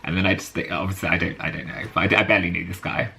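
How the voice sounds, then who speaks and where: A man's voice: sits low, steady tone, very fast, gravelly, sharp tone, a little hiss or hum. A British man telling a story to camera in a chatty, rambling vlog, laughing often and full of fillers. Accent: British English. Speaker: vlogger.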